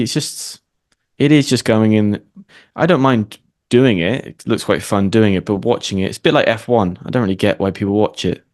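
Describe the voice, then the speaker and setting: Laid-back low-voiced Oxford man. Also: a little mellow, no room sound. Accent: British English, Oxford. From Oxford, England. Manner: laid-back, dry humour, laughs often. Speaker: guest, online English teacher. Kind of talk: casual conversation.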